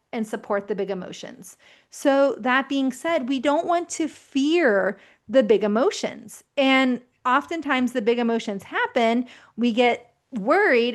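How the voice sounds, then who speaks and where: A parenting educator in her thirties offers calm, reassuring advice, explaining things gently. Her voice is on the high side.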